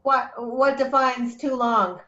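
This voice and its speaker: Slow-speaking woman asking questions from the audience. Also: on the high side, steady tone, bright, forceful tone, lo-fi sound. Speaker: audience member. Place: audience seating in a meeting room.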